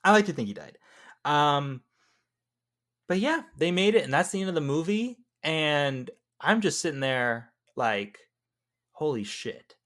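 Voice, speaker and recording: A man's voice: fairly high pitch, a bit bright. A man co-hosting a movie review podcast, talking in an easygoing, reflective way with frequent fillers. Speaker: podcast co-host. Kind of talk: casual movie review chat.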